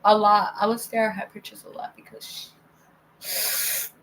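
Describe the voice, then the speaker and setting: A woman in her twenties telling a rambling personal story in casual chat, her voice hoarse and giving out, acting out conversations as she goes. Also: medium pitch, level tone, unhurried, fairly bright tone, a little hiss or hum, poor audio. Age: 20s. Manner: rambling, acts out conversations in quotes. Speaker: vlogger.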